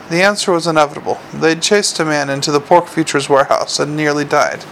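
Gravelly male audiobook narrator. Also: on the high side, steady tone, brisk, few pauses, a bit bright, slight background noise, poor audio.

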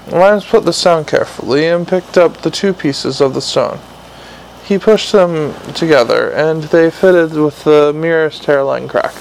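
A man reading a novel aloud as the narrator, telling the story at a steady, even pace. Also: on the high side, moderate pace, creaky, a little hiss or hum, rough recording. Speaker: audiobook narrator. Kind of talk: fiction narration.

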